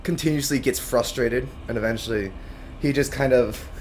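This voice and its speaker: A man's voice: mid-range voice, normal speed, darkish tone, a little hiss or hum. Rambling man describing his tabletop character. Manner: rambling, full of likes and ums. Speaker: player. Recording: faint music behind.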